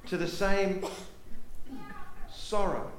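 A male pastor delivers his sermon in a slightly high register, rising to emphatic peaks and dropping to near hushes as he presses rhetorical questions on his listeners. His voice rings through an echoey church room with faint noise underneath. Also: steady tone, very slow. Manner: impassioned, swings from emphatic to hushed.

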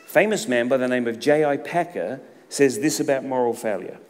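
A middle-aged man delivers a sermon, his voice at an ordinary pitch for a man. He swings between loud, emphatic bursts and hushed, low phrases. The sound carries a long reverb from the church hall. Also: moderate pace. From Australia. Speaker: pastor.

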